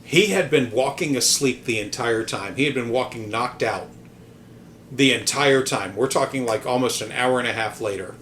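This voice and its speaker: On his podcast, a man of medium pitch and normal speed, with a fairly bright tone, rambles through a casual story. He hesitates, says um, restarts and swears casually now and then, over a faint hiss or hum.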